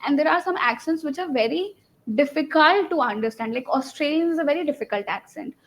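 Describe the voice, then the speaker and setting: A woman's voice: high voice, lively intonation, fairly quick, poor audio. A young woman with an Indian English accent teaching an online English lesson, firmly correcting mistakes and explaining patiently. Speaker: English conversation trainer.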